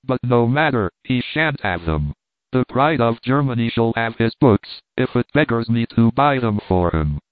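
A man's voice: mid-range voice, lively intonation, normal speed, no echo, lightly acted. A man voicing a poor old man who speaks coldly and curtly. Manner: cold, curt. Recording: thin phone-like dry sound.

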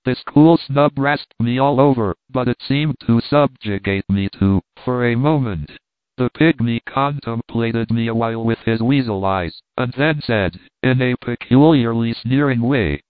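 A man's voice: mid-range voice, measured pace, no room sound. Man reading a story, tinny sound. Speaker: narrator. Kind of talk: audiobook reading.

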